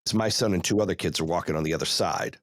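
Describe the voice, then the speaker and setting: A man hosting a podcast, telling a story in a casual, profane, animated way and rattling off rapid play-by-play. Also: low voice, no echo, studio quality. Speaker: podcast host.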